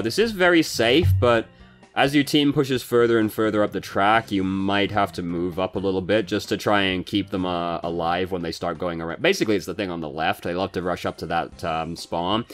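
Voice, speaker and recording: A man talking through a match review as a gaming coach, casual and frank, swearing freely and venting frustration. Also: sits low. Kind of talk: casual gameplay commentary.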